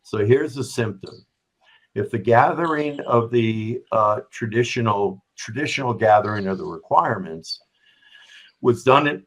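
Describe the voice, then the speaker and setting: A man's voice: mid-range voice, poor audio. A middle-aged or older man, a business guest on a podcast, explaining his points through examples and often checking in with "right?". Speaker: guest, business strategy executive. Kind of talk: conversational explanation on a remote podcast.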